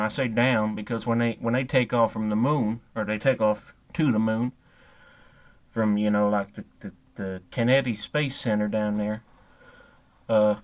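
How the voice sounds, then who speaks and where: Here a man with a lowish, natural voice performs a comedic monologue as an ignorant, short-tempered ranter. The recording is rough, and his profane, meandering rant keeps stumbling over itself.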